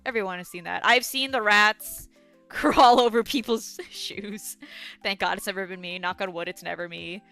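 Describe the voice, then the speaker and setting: A woman's voice: mid-range voice, normal speed, gravelly, pushed and bright, clear, resonant tone, soft background music. A young woman from New York streaming and ranting to chat, swearing constantly and answering viewers with outrage. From New York City. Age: young adult. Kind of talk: casual livestream chat.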